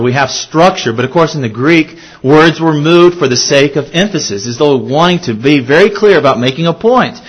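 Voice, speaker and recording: High-voiced man preaching a sermon. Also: low-quality recording. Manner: earnest preaching, asks the congregation questions; repeats key phrases for emphasis. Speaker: pastor.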